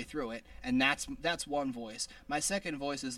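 Bright-voiced chatty male podcast host. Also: a little high, no echo, far from the mic. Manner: rambling, self-deprecating, quick to laugh. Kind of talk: casual podcast chat. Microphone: video call.

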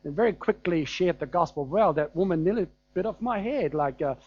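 A man's voice: a little high, animated, brisk, highs cut off. A man with a German accent preaching a sermon in a conversational, anecdotal way, with frequent fillers and chuckles.

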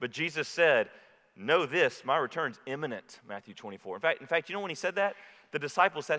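A man preaching a sermon as pastor, impassioned, dropping low and quiet when he quotes scripture. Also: expressive, brisk. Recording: reverberant hall.

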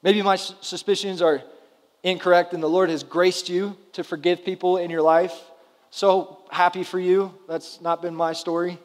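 A pastor in his thirties, with a high voice that barely moves in pitch, preaches at a moderate pace to his congregation in a church hall. He keeps it conversational, often putting questions to the room, and the hall adds long reverb.

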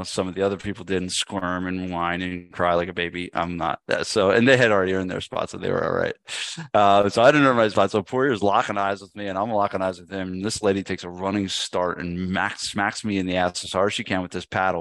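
Deep-voiced man telling a story. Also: no room sound. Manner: animated, many fillers and restarts. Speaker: podcast guest, gym business speaker. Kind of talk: casual storytelling.

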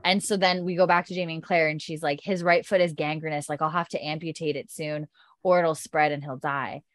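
A woman's voice: deep voice, steady tone, a little fast, dry recording, studio quality. A woman chatting casually as she recaps a TV episode, animating the characters' lines and swearing freely. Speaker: show recapper.

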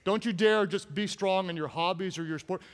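A man preaching a sermon to a congregation, animated and jokey, acting out the story with voices. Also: high voice, normal speed. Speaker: pastor. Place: large church hall. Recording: hall reverb from large room.

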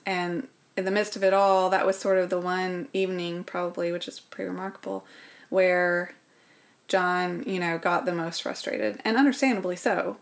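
Earnest woman telling her story. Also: on the low side. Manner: earnest, reflective, drops to a whisper at painful moments. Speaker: guest. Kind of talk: personal storytelling interview.

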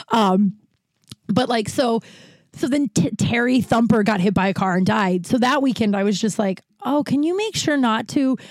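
A woman telling a personal story casually, rambling with many fillers and correcting herself, laughing wryly at dark memories. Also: medium pitch, no room sound. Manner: rambling, heavy use of "like", self-correcting.

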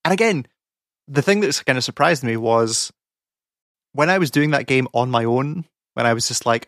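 Animated and at normal speed, a young man's mid-range, slightly bright voice comes through clean studio sound with no room sound. This podcast co-host and game academic rants and rambles in exasperation, full of fillers, during casual podcast conversation.

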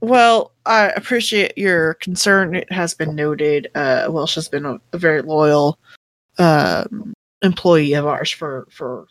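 A woman's voice: deep voice, takes it slowly, dry recording. A woman playing a tabletop game, speaking hesitantly with many fillers. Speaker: player. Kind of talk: tabletop role-play.

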